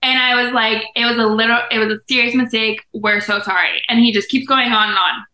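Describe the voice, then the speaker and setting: A woman's voice: a little high, fairly even intonation, brisk, pushed and bright, roomy sound, rough recording. A young woman co-hosting a podcast, chiming in with a story in a casual chat and laughing often. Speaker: podcast co-host.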